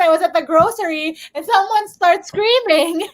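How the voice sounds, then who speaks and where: High-voiced animated woman from the Philippines. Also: normal speed, poor audio. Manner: animated, laughs through her stories. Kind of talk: casual chat, storytelling.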